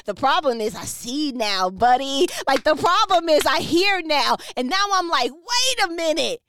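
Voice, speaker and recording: A woman's voice: high voice, very animated, measured pace, hardly any pauses, fairly bright tone, no room sound, studio quality. A woman preaching with fervent, emphatic energy, dropping slang and firing repeated questions, speaking over a phone. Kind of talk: motivational preaching.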